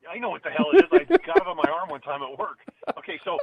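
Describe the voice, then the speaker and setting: A middle-aged man and father co-hosts a casual podcast, chatty and teasing and quick to laugh. His voice sits a little high and comes through a tinny, phone-like line. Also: huge pitch swings, gravelly, a crowd in the background. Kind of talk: casual chat.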